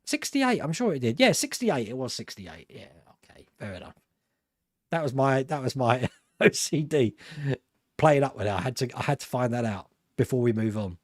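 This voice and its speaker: Over studio-quality audio with no room sound, a middle-aged man from Britain runs a live stream, rambling casually through viewer comments. His mid-range voice is very animated at a moderate pace, his British accent clear, and he laughs at himself frequently.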